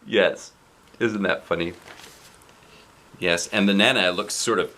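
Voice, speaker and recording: A man reading a children's book aloud, playful and animated, with little asides. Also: sits low, measured pace. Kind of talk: storybook read-aloud.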